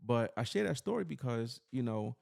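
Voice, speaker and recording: A podcast host from New York City tells his own story in a loose, rambling way. His mid-pitched voice has a gravelly, creaky edge. He sounds earnest and keeps filling gaps with "you know.". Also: big pitch swings, normal speed, a little mellow. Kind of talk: personal storytelling in casual chat.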